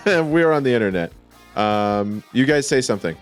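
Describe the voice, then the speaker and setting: A man's voice: mid-range voice, animated, a little slow, soft background music. A man hosting a casual podcast, rambling with restarts and asides. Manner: rambling, lots of restarts and "hold on". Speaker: podcast host. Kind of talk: casual chat.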